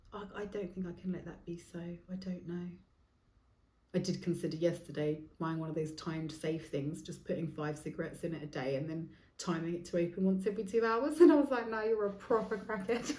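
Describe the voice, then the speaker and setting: A woman in her forties talks through her podcast alone, frank and rambling, swearing freely. Her voice sits a little low. The room around her is echoey. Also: a little mellow. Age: 40s. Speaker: podcast host. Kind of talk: candid solo podcast monologue.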